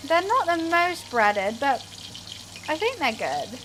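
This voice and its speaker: She speaks in a high, sing-song voice, taking it slowly, her tone fairly bright. Cooking on a livestream in her home kitchen, she talks casually and self-deprecatingly to her chat, as frying sizzles faintly behind her.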